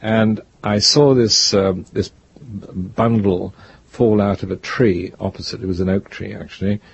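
An older man, a guest author, telling stories in an interview in a rambling, reflective way with a gravelly, husky voice. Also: lowish voice, steady tone, measured pace, muffled recording, a little hiss or hum. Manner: rambling, reflective, restarts often. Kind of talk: interview, storytelling.

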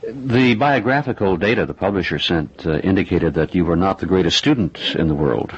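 Very deep-voiced male interviewer. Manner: measured, curious questioning. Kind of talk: radio interview questions. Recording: dull lo-fi radio recording.

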